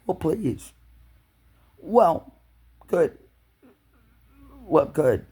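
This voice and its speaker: A man delivering an angry, swearing monologue to camera, ranting with loud shouted bursts. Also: mid-range voice, big pitch swings, takes it slowly, pauses often, husky. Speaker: video blogger.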